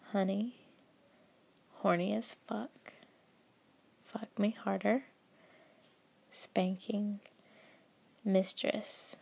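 Southern woman vlogger, slight accent, unhurried delivery with a low mellow tone, soft and half-whispered. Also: creaky. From Southern United States. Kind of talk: casual vlog reading a word list.

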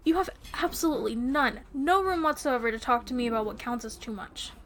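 A woman's voice: on the high side, animated, fairly quick, fairly bright tone, a little hiss or hum. A woman playing a playful, teasing young girlfriend in a romantic audio role-play, giggling often.

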